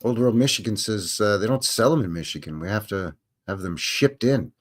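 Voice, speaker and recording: A middle-aged Canadian man hosts a live stream, reading viewer questions in a chatty, jokey, rambling way. His voice is on the low side and fairly quick.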